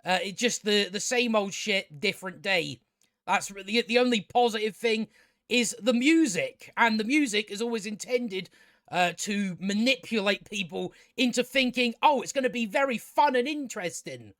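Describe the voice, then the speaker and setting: A man's voice: high-pitched, moderate pace, a bit bright, no room sound, clean studio sound. A man ranting sarcastically about a movie, often stammering and restarting his sentences. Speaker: movie commentator. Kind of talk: casual opinion rant.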